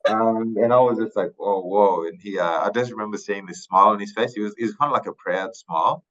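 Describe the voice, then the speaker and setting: A man in his thirties from Papua New Guinea, a podcast guest telling his story in a thoughtful, unhurried way with many fillers and restarts. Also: lowish voice, fairly bright tone, highs cut off. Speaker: podcast guest, retired rugby league player. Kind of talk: casual interview storytelling.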